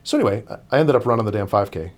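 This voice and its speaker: Podcast guest: a man with a lowish voice, rambling through a casual story, full of restarts. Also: animated, rapid-fire. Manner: rambling, many restarts and fillers.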